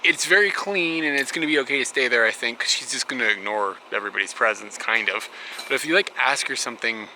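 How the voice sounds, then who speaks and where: A man's voice: mid-range voice, quick pace, background noise. A young man talking casually to camera in a small guest house bedroom, rambling and bemused, laughing often and swearing now and then. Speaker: travel vlogger. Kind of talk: casual vlog talk to camera.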